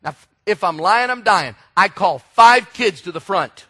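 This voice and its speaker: A male preacher delivers a sermon in a high, bright and forceful voice. He tells stories with lively energy and now and then bursts into shouts to drive a point home. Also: unhurried, breathy edge. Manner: animated storytelling preacher, shouts for emphasis. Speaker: pastor.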